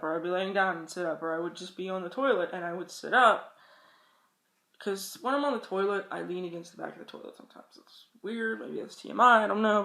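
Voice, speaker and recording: A woman's voice: mid-range voice, vocal fry, bright, forceful tone. A young woman vlogging casual advice, rambling and chatty and swearing freely. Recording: echoey room.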